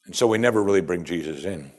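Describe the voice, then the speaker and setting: A man's voice: sits low, quick pace. A man preaching a sermon, talking emphatically and asking rhetorical questions again and again.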